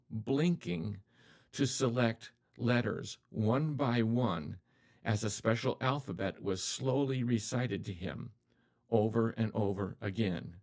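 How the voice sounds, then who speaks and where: An older pastor hosts a video talk show, delivering a storytelling monologue straight to the viewer and repeating key words for emphasis. His mid-range voice is creaky and a little mellow.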